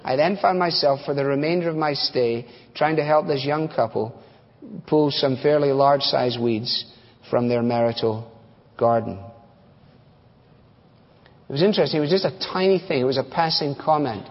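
A man's voice: mid-range voice, normal speed. A man preaching a sermon in a conversational, folksy way, telling stories with fillers and asides. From United States. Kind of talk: sermon with storytelling. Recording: dull recording with long hall reverb.

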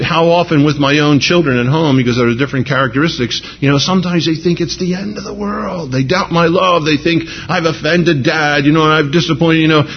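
A man's voice: medium pitch, slight background noise. Middle-aged male preacher, mid-range voice, talks to his flock like a friend, old dull recording. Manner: chatty, repeats "you know what I mean", voices quoted speakers. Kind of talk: conversational sermon to a live congregation.

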